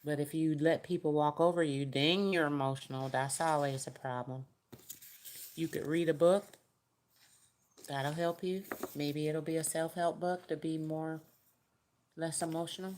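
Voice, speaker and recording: A low-pitched woman reads tarot cards for her viewers in a casual, talkative way. She hands out plain, folksy advice as she goes. A faint hiss sits under her voice. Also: fairly even intonation, unhurried, a little mellow. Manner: chatty, folksy, gives direct advice. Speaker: tarot reader.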